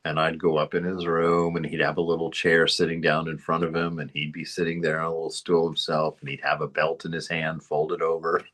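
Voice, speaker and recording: A man's voice: a bass voice, completely flat delivery, fairly quick, fairly bright tone. A man giving an informal spiritual teaching, rambling into anecdotes and chuckling often. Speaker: spiritual study group teacher.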